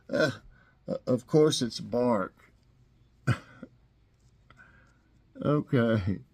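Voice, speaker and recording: A man's voice: mid-range voice, extremely slow, creaky, long pauses, darkish tone. A middle-aged man with a Southern US accent hosts a casual trivia break, taking his time over every word. He laughs at his own jokes and pokes fun at the wrong answers. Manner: joking, chuckling, acts out silly answers. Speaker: host.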